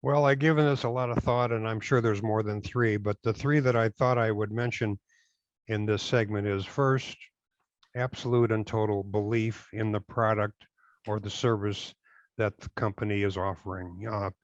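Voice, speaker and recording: An older man with a low voice answers interview questions as a compliance consultant. He talks in a measured, halting way, full of fillers and restarts. The recording is dry and close but slightly dull and lo-fi. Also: steady tone, dry recording. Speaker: direct selling compliance consultant.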